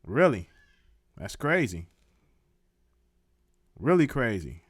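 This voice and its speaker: A man's voice: medium pitch, big pitch swings, takes it slowly, slightly rough, dry recording, clean studio sound. A man hosting a live online show, giving casual, profane commentary and repeating words for emphasis.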